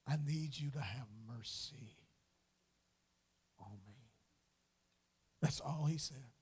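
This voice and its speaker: A man preaching a sermon as pastor in a church, swinging from soft lines to loud, drawn-out calls. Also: mid-range voice, breathy edge. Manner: preaching with sudden loud swells and drawn-out words. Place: church sanctuary.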